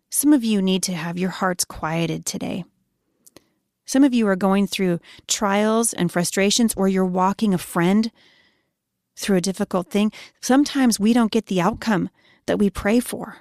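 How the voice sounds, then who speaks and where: A woman in her thirties giving an earnest devotional sermon, softly emphatic and slowing down when she quotes scripture. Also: medium pitch, no room sound, clean studio sound. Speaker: Christian speaker.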